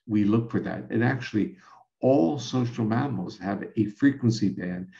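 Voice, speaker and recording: A man speaking as a scientist guest, explaining ideas in a measured, lecturing way with frequent restarts. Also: on the low side, vocal fry, warm tone. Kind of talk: explanatory conversation. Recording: roomy, dull lo-fi sound.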